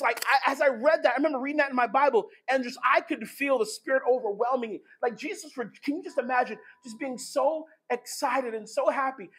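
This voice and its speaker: A man preaching an energetic sermon, excitable and emphatic, swinging between loud bursts and hushed lines. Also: very high-pitched, slightly rough.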